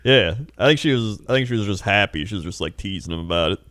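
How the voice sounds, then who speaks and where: A man's voice: lowish voice, lively intonation, fast talker, a bit bright, no echo, clean studio sound. A man co-hosting a casual comedy podcast, telling rambling stories and laughing often. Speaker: podcast co-host.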